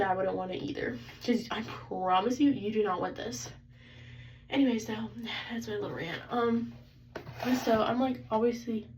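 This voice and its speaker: A young woman tells an exasperated, animated story about a doctor's visit, filling her talk with "like". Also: medium pitch. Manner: animated, exasperated, heavy use of "like". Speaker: vlogger. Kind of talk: casual storytime rant. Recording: slightly distant, dull, faintly noisy.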